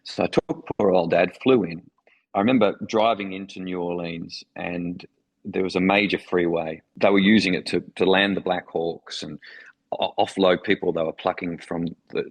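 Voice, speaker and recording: Australian man, middle-aged, gravelly, husky, enthusiastic storyteller, interview guest. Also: low voice, rough recording. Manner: enthusiastic, vivid anecdotal storytelling. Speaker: former foreign correspondent, guest.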